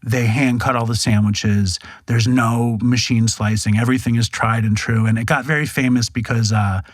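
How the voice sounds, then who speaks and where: A man's voice: medium pitch, fairly even intonation, normal speed, no room sound. A middle-aged man from New York, a podcast guest telling his story in a frank, self-deprecating way with casual swearing. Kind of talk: candid storytelling interview.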